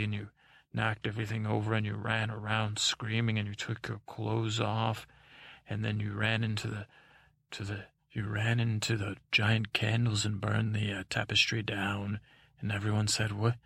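A man's voice: on the low side, gravelly, a bit bright, no echo. A man improvising a bedtime story as podcast host, meandering with asides and self-corrections.

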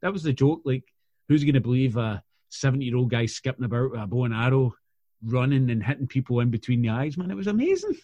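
A man's voice: medium pitch, very animated, fast, mellow, dry recording, highs cut off. A Scottish man chatting casually, enthusiastic and sweary. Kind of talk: casual chat.

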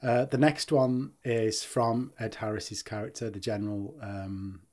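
A man's voice: lowish voice, steady tone, a little mellow. Easygoing man co-hosting a film chat. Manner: easygoing, agreeable, quick to laugh. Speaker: podcast co-host.

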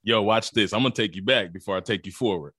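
A low-pitched young man tells a personal story with punch and drive, his voice jumping up when the tension builds. The sound is dry and close, with no room around it. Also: fast talker, husky, no room sound. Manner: animated, punchy storyteller, rising high for tense moments. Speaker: guest speaker.

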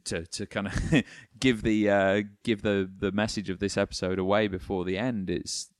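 A man's voice: lowish voice, little pitch movement, normal speed, clear, resonant tone, dry recording, clean studio sound. A man co-hosting a podcast, chatting casually and sarcastically, rambling with many restarts. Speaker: podcast co-host. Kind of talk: casual chat.

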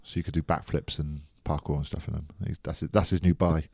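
A man co-hosting a casual sports podcast, breaking down a match in a measured, matter-of-fact way with some dry teasing. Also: extremely low pitch, little pitch movement, vocal fry, darkish tone, no room sound. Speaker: podcast co-host, rugby pundit.

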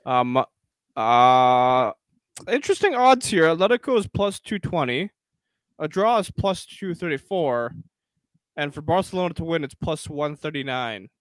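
A man's voice: fairly high pitch, expressive, unhurried, clean tone, no echo. A man co-hosting a casual football podcast, reading out betting odds with hesitant fillers. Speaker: podcast co-host. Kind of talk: casual sports betting chat.

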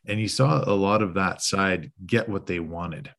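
A man's voice: low voice, measured pace, creaky, a bit bright. A man hosting a casual interview, asking long, rambling questions. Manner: rambling, many fillers and restarts. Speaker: podcast host.

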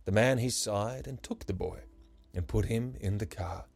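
A man reading a rhyming story aloud as a podcast storyteller, soft and measured. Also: lowish voice, gravelly, breathy edge, dry recording. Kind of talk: scripted rhyming narration. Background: soft instrumental music.

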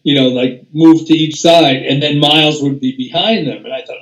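Speaking at a moderate pace with a steady tone and fairly high pitch, this older music producer tells loose, casual stories as an interview guest. He restarts sentences, uses fillers and swears, and the room gives a noticeable echo.

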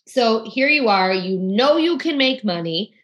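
A woman hosting an interview, speaking quickly and affirming her guest, often restarting her sentences. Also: a little high, animated, a bit bright. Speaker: interviewer host. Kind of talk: conversational interview.

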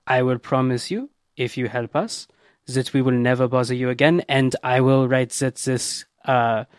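A man voicing a scheming, smooth-talking male adventurer who persuades with flowery words. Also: medium pitch, no echo, studio quality, close to an everyday voice.

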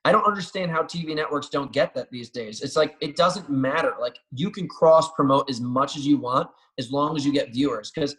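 A man and professional athlete talking as a guest on a casual podcast, telling animated, swearing, boastful stories. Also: on the high side, fairly quick, few pauses, rough recording. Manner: animated, profane, boastful storytelling.

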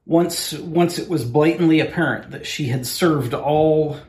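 A man's voice: on the high side, a little slow, darkish tone. American man chatting in a roomy space. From United States. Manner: earnest, meandering, with frequent restarts. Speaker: podcast co-host and producer. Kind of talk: casual chat. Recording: roomy echo.

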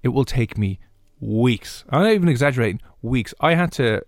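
An Irish man from Offaly hosts a radio show in loose, joking chat. His voice sits at a middle pitch and sounds dry and close on a studio mic. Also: animated, moderate pace, no room sound. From Ireland, Offaly. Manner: jokey, rambling, reads out the phone number. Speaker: radio host. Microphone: studio microphone.

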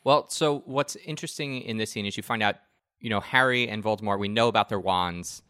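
A man's voice: fairly low pitch, brisk, bright, forceful tone, smooth, no echo, studio quality. A man chatting casually about a movie as a podcast co-host, joking and telling it with energy. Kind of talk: casual chat about a film.

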